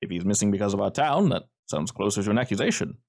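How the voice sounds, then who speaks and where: A man's voice: fairly low pitch, expressive, fast, gravelly, darkish tone. A man voicing a polite, guarded village man who speaks in formal, hedging phrases. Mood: probing.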